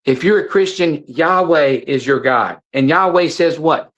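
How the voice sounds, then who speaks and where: A man talks in a somewhat high voice. He is an interview guest, storytelling with preachy urgency. He often stumbles, repeating words as he presses his point. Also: measured pace, few pauses, fairly bright tone, dull audio. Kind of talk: impassioned storytelling in conversation.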